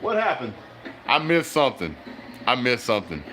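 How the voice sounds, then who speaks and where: A man's voice: mid-range voice, huge pitch swings, normal speed, music in the background. A man hosting a live football reaction stream, chatting with viewers and hollering at the plays.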